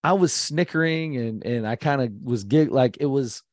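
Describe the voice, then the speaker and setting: A man's voice: mid-range voice, normal speed, no room sound, studio quality. A man in his thirties co-hosting a podcast, chatting casually and animatedly about a comedy special and sometimes mimicking accents. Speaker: podcast co-host. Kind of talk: casual chat reviewing comedy.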